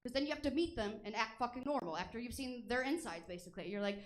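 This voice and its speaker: A woman's voice: a little high, animated, fast. Brash woman doing raunchy stand-up. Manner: brash, crude, self-deprecating. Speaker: stand-up comedian. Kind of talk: stand-up comedy set. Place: comedy theater stage.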